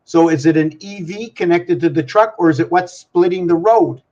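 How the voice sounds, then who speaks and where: A man's voice: fairly high pitch, normal speed, darkish tone, highs cut off. A man hosting his own vlog, musing aloud in a wandering, free-associating way and talking to himself and the camera. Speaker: channel host. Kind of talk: rambling solo vlog musings.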